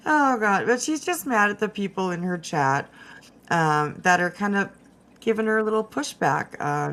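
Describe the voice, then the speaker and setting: A woman's voice: on the low side, fairly bright tone. A woman hosting casual drama commentary, chatty and swearing freely, laughing often and fighting off a cough. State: coughing from a cold.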